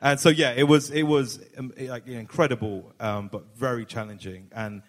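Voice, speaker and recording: A man's voice: medium pitch, steady tone, moderate pace. A man who is a guest on a live podcast, telling stories casually with frequent laughter, swearing and self-mockery. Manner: laughs often, swears freely, loose and self-mocking. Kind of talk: casual storytelling chat. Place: theatre stage with live audience. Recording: reverberant live theatre sound.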